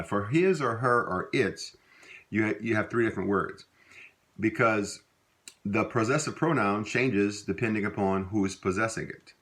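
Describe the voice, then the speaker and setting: A middle-aged man with a Louisiana accent teaching a language lesson in a relaxed, rambling way, with many fillers and self-corrections. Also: fairly low pitch. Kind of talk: casual spoken lesson.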